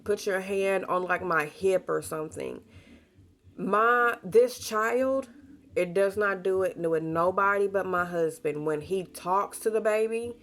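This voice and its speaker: A young adult woman chatting casually to camera as a pregnant vlogger, telling stories in a warm, talkative way with bits of Southern slang. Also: on the low side.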